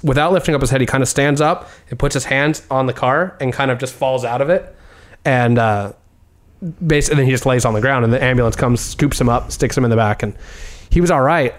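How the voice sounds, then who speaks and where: Man, mid-pitched, relaxed, detailed storytelling, casual chat. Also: a little fast.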